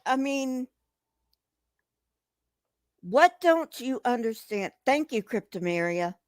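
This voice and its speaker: A woman's voice: on the high side, clear, resonant tone, dry recording. A woman hosting a casual livestream, talking to her chat in an emphatic, profane, agitated way. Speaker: livestream host reading chat.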